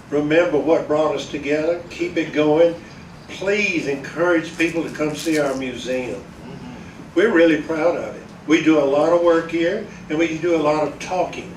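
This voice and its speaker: A man's voice: a little high, distant mic, slight background noise. Folksy older man in an echoey hall. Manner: chuckling, folksy, meandering with restarts. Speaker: veteran broadcaster giving a speech. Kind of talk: rambling storytelling to an audience. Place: large echoey event hall.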